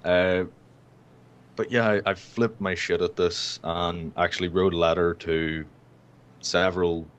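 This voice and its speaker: A man's voice: low-pitched, flat delivery, measured pace, muffled recording, a little hiss or hum. A nineteen-year-old man co-hosting a casual online chat, ranting and swearing freely. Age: young adult, 19. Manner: profane, ranting. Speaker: co-host.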